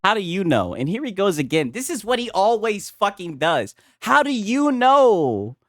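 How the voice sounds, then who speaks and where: A man's voice: high-pitched, big pitch swings, brisk, no echo, faint music behind. A man streaming casually, reacting to a clip with jokes, laughs and sung parody lines.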